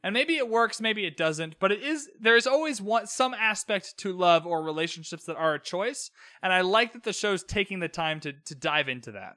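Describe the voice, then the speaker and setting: A young man with a high, lively voice recaps a show on his own podcast mic. His tone is bright and sarcastic, and he swears freely. The sound is dry and close. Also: normal speed, few pauses, no echo. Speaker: podcast host. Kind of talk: casual recap commentary. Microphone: own podcast microphone.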